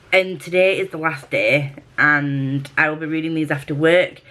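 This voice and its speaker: A woman's voice: deep voice, fairly bright tone. A young woman chatting casually to camera at home about books, rambling and self-mocking, with casual swearing. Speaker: book vlogger. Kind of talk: casual vlog chat to camera.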